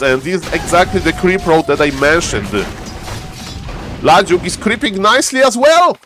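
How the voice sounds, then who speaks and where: A man with a non-native English accent giving casual, joking live-stream commentary on a strategy game, getting loud and excited at key plays. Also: sits high, a little hiss or hum. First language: not English. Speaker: game caster.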